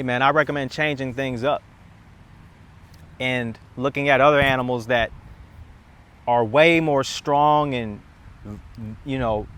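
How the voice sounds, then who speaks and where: Young male creator, casual rambling monologue, emphatic and heated, mid-pitched voice, outdoor street setting. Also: fairly bright tone. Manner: impassioned, emphatic, repeats words and restarts. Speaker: content creator.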